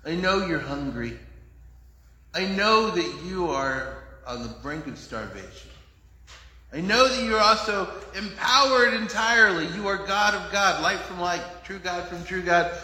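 A man preacher voicing the devil as a smooth, coaxing male tempter who flatters and wheedles. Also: sits high, a little slow, roomy sound, long reverb tail, heavily acted, poor audio.

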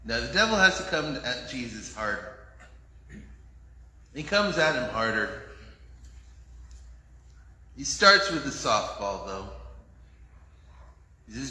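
A man's voice: a little high, expressive, unhurried, long pauses, pushed and bright, roomy sound, big-room sound, rough recording. A man pastor giving a conversational, humorous sermon in a church, acting out the voices in his stories. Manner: conversational, humorous storytelling, acts out quotes.

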